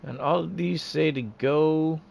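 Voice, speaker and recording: A man's voice: fairly high pitch, slow pace, creaky, darkish tone. A man hosting a gaming channel, rambling casually while he plays. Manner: rambling and chatty. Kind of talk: casual let's-play commentary.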